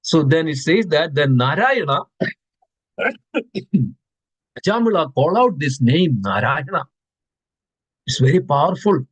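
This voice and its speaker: A man's voice: a little high, animated, a little slow, long pauses, husky, no room sound, low-quality recording. A man giving a devotional scripture class, reciting verses and asking his listeners questions, often repeating words for stress. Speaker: class speaker.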